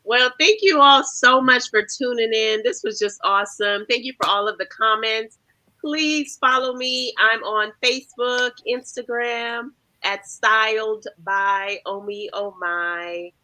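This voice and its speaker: A woman with a bright, forceful voice and dry, close sound. She is a stylist on the panel and signs off in an upbeat, friendly way. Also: fairly high pitch, measured pace, no room sound, rough recording. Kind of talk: casual sign-off.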